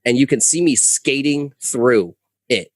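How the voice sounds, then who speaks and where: Young man, podcast guest, rambling animated storytelling, casual swearing, mid pitch, dry close mic. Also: measured pace, no echo. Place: podcast studio.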